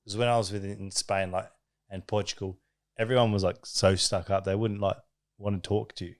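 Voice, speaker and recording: A man's voice: fairly low pitch, steady tone, a little fast. A man, co-hosting a podcast with laughing, swearing banter. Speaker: podcast co-host. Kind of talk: casual chat.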